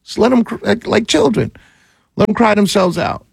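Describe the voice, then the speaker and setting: A man's voice: high-pitched, normal speed, gravelly, slightly rough, no room sound, clean studio sound. A man hosting a political talk show, giving opinionated, mocking commentary with frequent laughs. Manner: opinionated, mocking, laughs a lot, does whiny voices.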